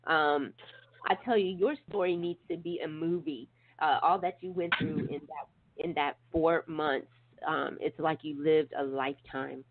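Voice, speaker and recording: A woman with a lowish voice hosts an interview over a tinny, dry phone line. She is effusive and chatty, and her sentences are full of fillers. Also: fairly even intonation, measured pace, dry recording. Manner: effusive and talkative, many fillers. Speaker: radio show host. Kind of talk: hosting an interview.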